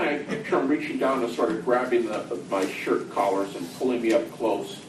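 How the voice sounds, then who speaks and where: Man, lowish voice, earnest, middle-aged, distant mic, echoey room, rumbling noise. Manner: earnest, acts out dialogue with God. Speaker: speaker recounting personal grief. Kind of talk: reflective talk.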